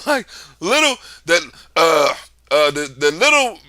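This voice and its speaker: A man's voice: a little high, very animated, a little slow, pushed and bright, no echo. A man hosting a livestream, talking in a loose, profane political rant, laughing often. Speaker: livestream host.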